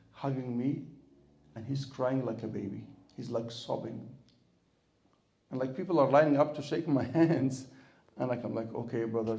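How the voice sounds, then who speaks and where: A man's voice: mid-range voice, creaky, mellow, roomy sound, poor audio. A man from Egypt, an imam preaching in a storytelling style, asking rhetorical questions and chanting verses with rising force. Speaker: imam and Islamic lecturer. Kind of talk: sermon-style Q&A talk.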